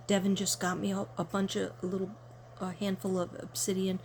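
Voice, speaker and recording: A woman's voice: medium pitch, flat delivery, normal speed, music in the background. A woman card reader chatting casually to camera, rambling through a story and talking to her viewers directly.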